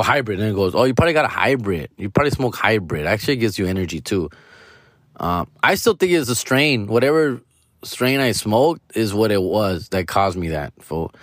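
Low-voiced man, loose swearing monologue. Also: no room sound, studio quality. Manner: loose, rambling, heavy swearing, calls listeners fool and bro. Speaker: comedian hosting his own podcast. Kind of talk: casual profane storytelling monologue.

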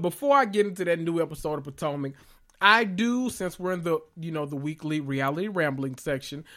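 A man's voice: fairly high pitch, a bit bright. A man hosting a casual reality TV recap vlog, sassy and gossipy, laughing often as he rambles.

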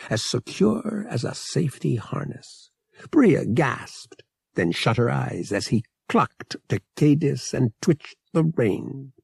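A male audiobook narrator with a gravelly, slightly husky voice. He reads slowly, and his pitch rises and falls widely. The sound is close and dry. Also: no echo. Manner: measured, expressive storytelling.

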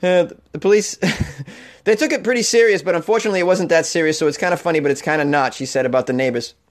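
A podcast host reading a news story in an exaggerated put-on Boston accent, mock-serious. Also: male voice, on the high side, fast, natural voice. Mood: amused.

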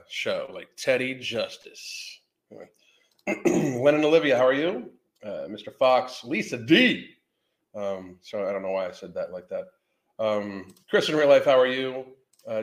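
Male livestream host, mid pitch, profane, rambling, greets chat by name. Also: a bit bright. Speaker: podcast host. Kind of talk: casual livestream commentary.

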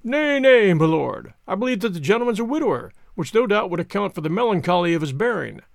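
A man's voice: sits high, sing-song, fast talker, gravelly, no echo, clean studio sound, heavily acted. Guy doing a fussy old inn landlord, folksy, bouncy voice. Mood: eager. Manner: folksy, deferential. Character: jovial old English innkeeper, bustling, deferential.

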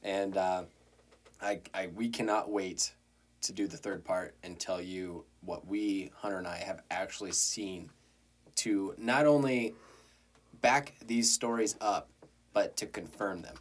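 A young man with a Colorado accent hosting a podcast, cracking crude jokes and bursting out loudly in casual banter. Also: low voice, steady tone, measured pace. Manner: crude, joking, loud outbursts. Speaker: podcast host.

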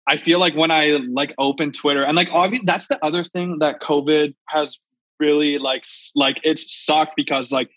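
A man's voice: a little high, steady tone, normal speed, a bit bright, no echo. Rambling man on a dull lo-fi line. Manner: rambling, full of filler likes, loses his thread. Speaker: podcast guest, music producer. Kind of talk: casual podcast chat. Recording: dull dry lo-fi sound.

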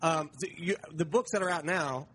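A man's voice: a little high, moderate pace, a bit bright. Reflective man, host, faint background noise. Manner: reflective, frequent agreeing backchannels. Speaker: podcast host. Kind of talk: casual interview conversation.

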